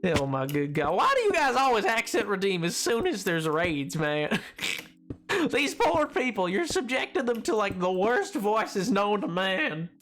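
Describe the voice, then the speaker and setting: A man's voice: sits high, very animated, unhurried, a bit bright, soft background music. A man streaming a game, chatting casually in a goofy, rambling, playful way, a little tired. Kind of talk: casual live-stream chat while gaming.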